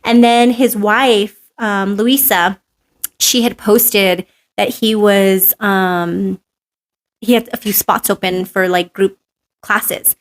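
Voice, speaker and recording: A woman, a podcast guest telling stories in casual chat, lively and full of fillers, acting out what people said. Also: medium pitch, slow pace. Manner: animated storyteller, filler-heavy "like", acts out quotes.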